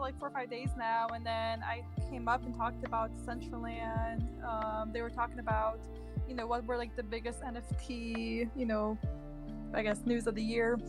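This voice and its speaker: Chatty woman with a higher voice. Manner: chatty, laughing, many fillers. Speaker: community member giving metaverse news. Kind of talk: casual Twitter Space chat.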